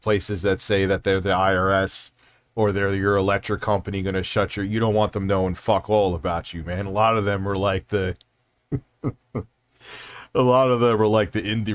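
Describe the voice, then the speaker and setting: Low-voiced man rambling on a livestream. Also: no room sound, clean studio sound. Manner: rambling, profane, reading chat aloud. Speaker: livestream host. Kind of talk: casual livestream chat.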